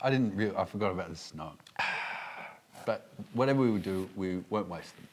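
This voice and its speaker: A young Australian man hosting a casual comedic chat, teasing and crude with quick-witted jabs. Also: deep voice, lively intonation. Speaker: host. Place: kitchen, cutting onions. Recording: noisy kitchen recording.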